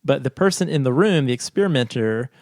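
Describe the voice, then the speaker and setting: A man in casual podcast chat, walking through a study with easy laughs. His pitch sits in the middle, and his voice sounds dry and close to the mic. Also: expressive, brisk, darkish tone, no echo. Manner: chatty, laughs often, reads scripts aloud. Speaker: podcast co-host.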